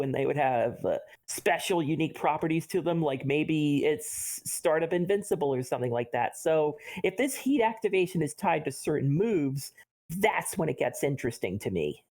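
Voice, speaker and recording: Easygoing low-voiced podcast woman. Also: a little mellow. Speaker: podcast co-host. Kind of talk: casual podcast chat.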